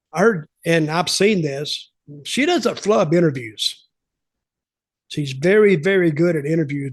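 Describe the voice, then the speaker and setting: Plainspoken older man telling wrestling stories. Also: on the high side. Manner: drawling, plainspoken, wry asides. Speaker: podcast host, former wrestling insider. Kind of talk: casual storytelling interview.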